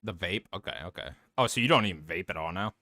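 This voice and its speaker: A man's voice: low voice, quick pace, pushed and bright, no room sound, clean studio sound. A man hosting a casual gaming podcast, teasing his co-host and laughing often. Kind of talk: casual chat.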